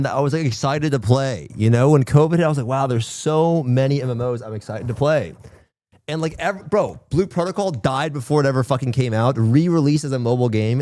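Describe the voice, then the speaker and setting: A man's voice: medium pitch, darkish tone, no echo. A man streaming live, ranting casually and profanely with lots of slang, rambling and exasperated. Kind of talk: casual livestream chat.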